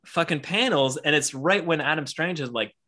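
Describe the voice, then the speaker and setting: Man, bright tense voice, excitable, swears a lot, casual comic book chat. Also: fairly high pitch, moderate pace. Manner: excited, heavy swearing, acts out characters' lines. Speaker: podcast co-host.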